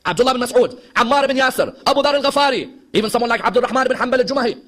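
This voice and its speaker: A man's voice: very high voice, very fast, a bit bright. A man giving an impassioned religious history lecture, asking the audience rhetorical questions and acting out quoted dialogue. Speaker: Shia preacher.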